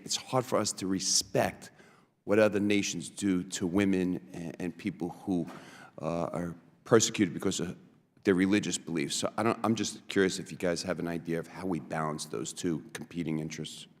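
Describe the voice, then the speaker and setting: A man from New York, a congressman, asking witnesses questions at a committee hearing, halting with many fillers. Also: low-pitched. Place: large hearing room. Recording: long hall reverb.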